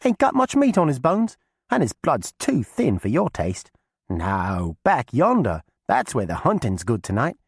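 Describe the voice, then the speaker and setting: A man voicing a bold, quick-witted young girl who talks eagerly and persuasively in a folksy rustic way. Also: medium pitch, huge pitch swings, husky, dry recording, clean studio sound, voice pushed up, exaggerated voice. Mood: coaxing. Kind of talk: audiobook character voice.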